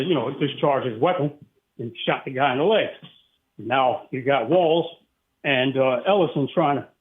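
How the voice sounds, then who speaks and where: A breathless man phoning into a talk radio show, his voice squeezed through a thin, tinny phone line. He rambles and stalls on fillers, growing heated as he goes. His voice sits a little higher than most men's. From Saratoga Springs, New York. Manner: agitated, rambling, halting with many fillers. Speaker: caller.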